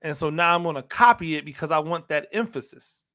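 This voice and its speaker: A man's voice: on the high side, a little fast, bright, forceful tone. A man hosting a football talk show, talking straight to listeners with emphatic repetition and rhetorical questions. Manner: emphatic, repeats phrases for emphasis; talks to listeners directly, asks rhetorical questions. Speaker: football analyst host. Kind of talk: animated sports talk monologue.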